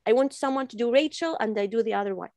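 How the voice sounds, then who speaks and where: A woman's voice: fairly high pitch, quick pace, darkish tone, no room sound, studio quality. A woman from Iran teaching an online English class, repeating phrases patiently for her learners over a video call. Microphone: computer mic on video call.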